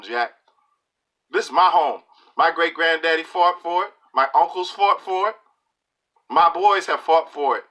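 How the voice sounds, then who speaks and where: Fiery, bright-voiced man preaching. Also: fairly high pitch. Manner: preachy and emphatic, colloquial, repeats lines for punch. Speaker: political video commentator. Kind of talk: impassioned political monologue.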